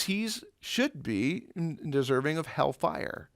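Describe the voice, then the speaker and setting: A man's voice: a little high, sing-song, a little slow, hardly any pauses, a bit bright, dry recording, clean studio sound. A man teaching an eighth-grade Bible lesson in a conversational way, explaining with everyday examples and asking rhetorical questions.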